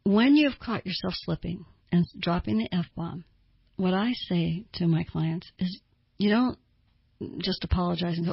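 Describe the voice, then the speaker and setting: A woman's voice: lowish voice, unhurried, creaky, breathy edge, no room sound. A woman therapist giving advice in an earnest way, asking listeners pointed rhetorical questions. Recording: dull lo-fi dry recording.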